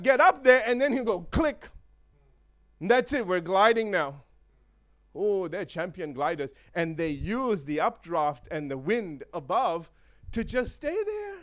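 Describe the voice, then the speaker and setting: A man preaching a sermon to a congregation, animated and laughing often, checking in with the listeners. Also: very high voice, moderate pace. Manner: animated, laughing, acts out voices of chickens and eagles; asks the congregation for responses.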